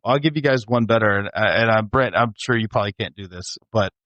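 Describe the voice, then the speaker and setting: A man, a former sheriff's deputy, telling an animated story in a casual chat. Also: on the low side, fast, no echo, lo-fi sound. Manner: animated, laughs while telling.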